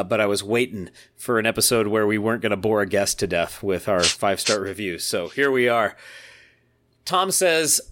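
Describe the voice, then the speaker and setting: A man's voice: medium pitch, a bit bright. A man hosting a podcast in casual chat, upbeat and jokey, reading listener mail aloud. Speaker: podcast host.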